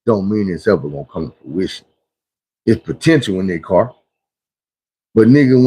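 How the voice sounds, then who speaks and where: A man delivers a blunt, preachy livestream monologue in casual street talk. His mid-pitched voice has a husky, slightly rough edge, and he slips into acted-out quotes of other people. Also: a little mellow. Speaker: livestream host.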